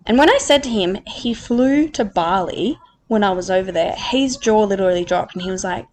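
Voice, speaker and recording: A woman's voice: medium pitch, expressive, moderate pace, a little mellow, a little hiss or hum. A woman in her late twenties hosting a podcast, telling a personal story candidly and emotionally, with many fillers and frequent swearing. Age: 20s. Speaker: podcast host.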